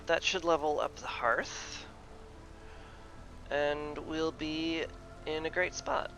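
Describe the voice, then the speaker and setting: A man's voice: on the high side, steady tone, slow pace, pushed and bright, lo-fi sound, soft background music. A man casually talking through a video game as he plays, musing aloud with playful asides.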